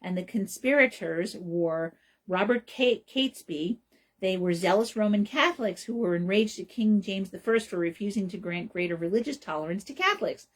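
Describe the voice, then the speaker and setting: A woman's voice: medium pitch, normal speed. A middle-aged woman hosting a radio show alone, talking casually and rambling with many ums and restarts. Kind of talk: casual solo talk.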